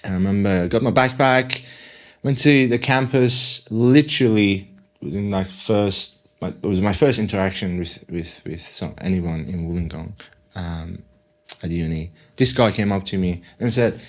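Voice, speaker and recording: A young man from Iran, a podcast guest sharing a personal faith story in a halting way, with restarts and fillers. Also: deep voice.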